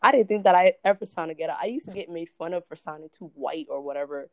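Lively young woman telling stories. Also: low voice, fast talker. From Ohio, United States. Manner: storytelling, lively, swearing, laughs. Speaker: podcast guest. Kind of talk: casual chat.

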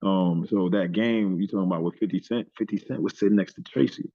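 A low-voiced man in his thirties tells stories in a relaxed, profane, animated way. His voice comes through a thin, phone-like line with no room sound at all. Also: a little fast, dry recording. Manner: animated, profane, lots of "you know what I'm saying". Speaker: podcast guest, former pro basketball player. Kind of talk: storytelling in casual chat. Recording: tinny phone-like line, dry.

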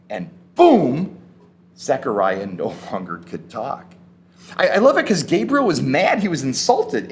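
A male pastor delivers a sermon in an animated, storytelling way, his pitch swinging widely as he leans into key words. He drops into casual, conversational asides between readings. A faint hum of ambience sits under the voice.

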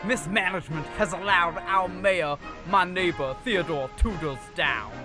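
A man's voice: high-pitched, unhurried. A man voicing a pompous small-town judge in a mock campaign ad, with grandiose, florid delivery. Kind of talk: mock political ad. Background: clear music.

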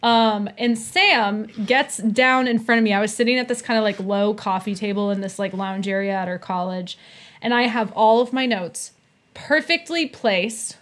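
A young woman in her twenties, a podcast guest, telling a story in casual chat, animated and laughing often. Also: mid-range voice, normal speed. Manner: animated, laughing, acts out quotes.

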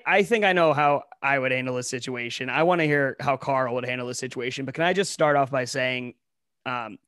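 A man's voice: mid-range voice, fairly bright tone, no echo, studio quality. A young man from Ohio co-hosting a comedy podcast in a casual chat, full of sarcastic, ironic riffs. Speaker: podcast co-host.

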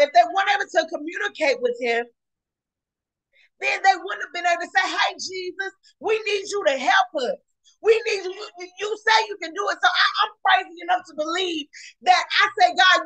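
A woman preaches a fiery podcast sermon, shouting and repeating exclamations. Her voice sits high and rings bright and forceful. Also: low-quality recording. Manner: shouting, repetitive exclamations, colloquial.

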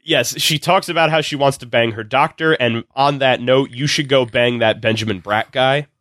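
A man on a comedy podcast, retelling a movie with lots of laughs and quick acted-out voices. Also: mid-range voice, no room sound, clean studio sound. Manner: animated storytelling, acts out characters in quick voices, laughs often. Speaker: podcast guest recapping a movie. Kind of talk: casual comedic podcast chat.

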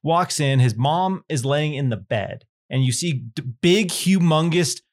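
A man's voice: on the high side, animated, a little slow, slight background noise. A man co-hosting a horror film podcast, animatedly retelling scenes and laughing as he goes. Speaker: podcast co-host. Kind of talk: casual film discussion.

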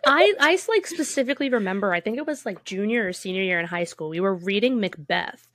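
A young woman co-hosting a casual podcast, telling stories in an animated way and laughing often. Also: mid-range voice, quick pace, dry recording, clean studio sound. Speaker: podcast co-host.

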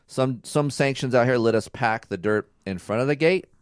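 A man's voice: medium pitch, moderate pace, smooth, no echo, clean studio sound. A man co-hosting a casual podcast with his partner, giving blunt, profane advice in a lecturing way. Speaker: podcast co-host. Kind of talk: casual couple chat.

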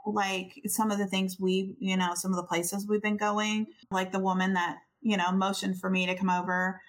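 A woman co-hosting a podcast in casual conversation. She tells her stories in an animated way, acts out what people said, and laughs often. Her voice sits at a middle pitch. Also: normal speed. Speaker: podcast co-host.

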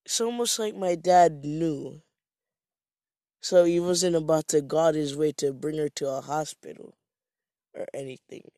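Male storyteller from Jamaica, higher-pitched, unhurried, profane and rambling, dry sound. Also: mellow, no echo. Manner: rambling, profane, self-mocking. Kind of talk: casual storytime monologue.

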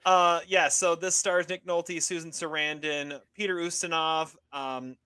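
A man's voice: a little high, fairly even intonation, a little slow, pushed and bright, clear, resonant tone, dry recording. A man co-hosting a casual film podcast, rambling with many fillers and restarts. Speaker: podcast co-host reviewing films. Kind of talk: casual chat.

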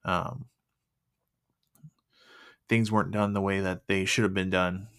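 Earnest man giving a halting testimony. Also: deep voice, little pitch movement, a bit bright, smooth. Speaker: person sharing his faith testimony. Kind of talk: personal faith testimony.

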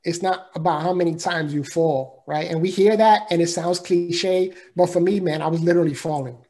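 A man's voice: on the high side, steady tone, normal speed, dark tone. A man telling a personal story as an interview guest, earnest and emphatic, in a casual way of talking.

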